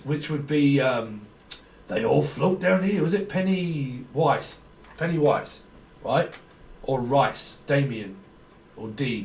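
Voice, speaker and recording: This tarot reader speaks in a mid-range voice over slight background noise. He drifts from thought to thought in an intuitive, stream-of-consciousness reading, cursing and chuckling as he goes, and the mic sits far off in an echoey room.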